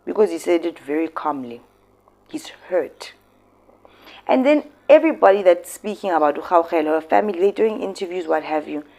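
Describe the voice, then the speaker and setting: A woman's voice: lowish voice, fast talker, gravelly, few pauses. A South African woman hosting casual commentary, talking expressively and emphatically. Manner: expressive, emphatic, switching into local words. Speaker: commentary host.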